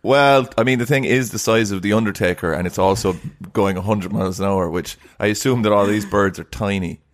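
A man co-hosts a podcast in casual chat, his voice fairly low and a little fast. He's skeptical and teasing, and he laughs often.

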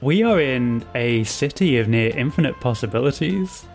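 A man narrating as game master of a tabletop role-play, playful and quick to laugh. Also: medium pitch, lively intonation, faint music behind.

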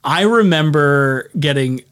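A man's voice: a little high, lively intonation, slow pace, a bit bright, smooth. Casual rambling young man, swearing. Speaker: podcast co-host. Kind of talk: casual chat.

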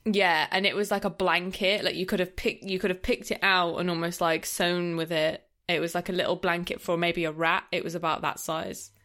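Her delivery is flat and fairly quick with few pauses, in a low voice with a fairly bright tone. As a film podcast co-host, this woman chats casually, laughs often, and peppers her talk with "like," often trailing off on it.

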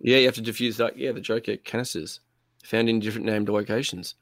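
A man's voice: on the low side, steady tone, fast talker, a bit bright, dry recording, clean studio sound. A young man chatting casually about games, rambling with lots of ums while he eats. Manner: rambling, filler-heavy, laid-back. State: eating while talking. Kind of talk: casual gaming chat.

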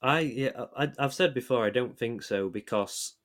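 A man in casual podcast chat, his voice at an ordinary middle pitch. He talks in halting bursts, restarting sentences as he thinks aloud. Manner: hesitant, many restarts, rambling analysis. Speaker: podcast co-host.

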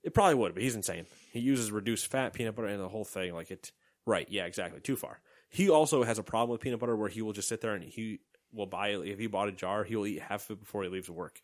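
A man's voice: on the low side, fast. A young man co-hosting a podcast in casual, rambling chat and laughing often. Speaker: podcast co-host.

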